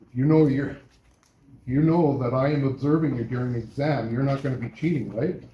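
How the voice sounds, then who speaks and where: This university lecturer has a mid-range voice and talks fairly quickly, engaging his class and regularly tossing in "right?". The audio is dull with slight noise, recorded from far away in an echoing lecture hall.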